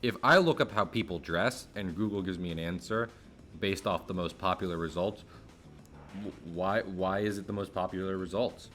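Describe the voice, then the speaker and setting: Man from New Jersey, lowish voice, rambling livestream chat, laughs a lot, faint music behind. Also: normal speed, fairly bright tone. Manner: rambling, laughs often, swears casually. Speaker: streamer.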